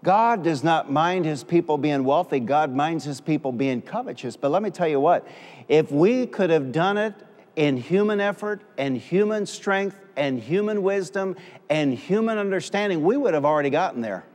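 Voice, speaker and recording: A middle-aged man preaching as pastor of a church, leading call-and-response and rising to shouts. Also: a little high, lively intonation, moderate pace. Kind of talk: preaching a sermon. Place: church sanctuary. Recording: reverberant church hall.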